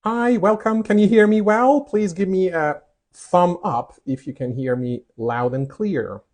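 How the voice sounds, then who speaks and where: A man's voice: high voice, measured pace, darkish tone. A man hosting a live stream, greeting viewers around the world and reading out their chat comments. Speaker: host. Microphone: mic'd up.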